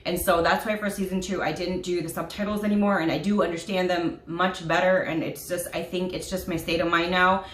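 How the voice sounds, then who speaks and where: A woman's voice: lowish voice, level tone, a little fast, few pauses, slight background noise. A woman vlogger chatting casually and emotionally about a TV series, gushing, with lots of fillers. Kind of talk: casual chat. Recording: echoey room.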